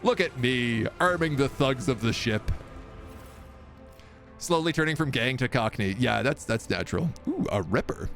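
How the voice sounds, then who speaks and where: A man's voice: medium pitch, expressive, moderate pace, fairly bright tone, soft background music. A man streaming a video game, giving casual, jokey commentary with playful asides.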